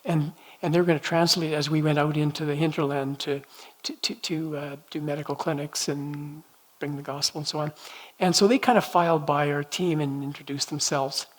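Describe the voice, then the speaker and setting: A man leading a church prophetic training night, telling personal stories in a gentle, conversational way with halting restarts. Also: on the high side, level tone, low-quality recording. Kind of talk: teaching talk with personal storytelling. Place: church meeting room.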